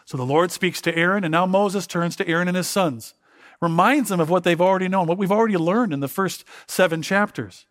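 A man's voice: high-pitched, a little fast, fairly bright tone. A man preaching an expository sermon in a conversational way, often repeating words and asking his listeners questions. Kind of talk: expository sermon, Bible reading and commentary.

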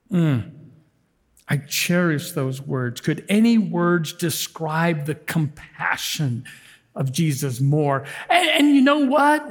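A man giving a sermon as a lay preacher, animated and swinging between shouts and hushed tones. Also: sits high, creaky, big-room sound.

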